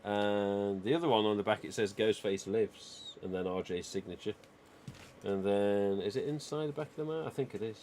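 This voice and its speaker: Chatty low-voiced man. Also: a little fast, a little mellow, slight background noise. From England. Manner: rambling, chatty, trails off with "you know". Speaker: livestream host. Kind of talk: casual livestream chat.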